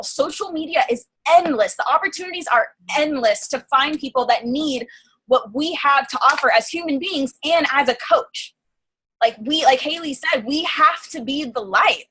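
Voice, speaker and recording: A woman's voice: sits high, normal speed, sharp tone, low-quality recording. A woman coach on a casual group call, talking in an emotional, gushing way with many fillers. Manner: reads listener comments aloud.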